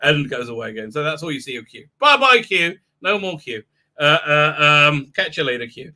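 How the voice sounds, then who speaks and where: A man's voice: on the high side, very animated, normal speed, sharp tone. A man hosting a live stream, recapping a TV episode with mocking humor, acting out scenes with silly voices and sound effects, with many hesitant fillers.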